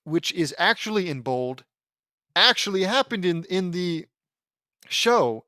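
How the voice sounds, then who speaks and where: A man with a somewhat high voice picks apart a fan story as he reads it aloud, rambling and sarcastic. The sound is dry and close, with no room around it. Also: animated, measured pace, sharp tone, dry recording. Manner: sarcastic, rambling, increasingly exasperated. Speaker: fan fiction reader and critic. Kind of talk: mocking read-aloud with commentary.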